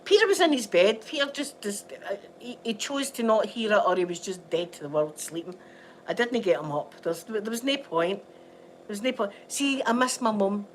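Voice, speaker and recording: A Scottish woman rambles through homely stories in a relaxed vlog chat, often breaking into laughter. Her voice sits at a middling pitch, with a faint ambient hum in the background. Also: normal speed, rough recording. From Scotland. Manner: chatty, storytelling, laughs often. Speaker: vlogger. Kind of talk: casual rambling chat to viewers. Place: at home by a window.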